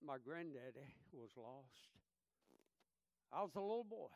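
A man preaching a sermon with passion, dropping to a hush and then rising loud, and reading scripture aloud in old wording. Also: medium pitch, animated, a little slow, no echo, studio quality. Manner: impassioned, swinging from hushed to loud; reads scripture aloud in King James wording.

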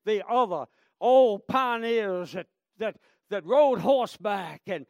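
High-voiced fervent male preacher. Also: expressive, slow, vocal fry, no echo, studio quality. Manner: fervent, repetitive, calls out "Amen?" and "friend". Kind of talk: sermon.

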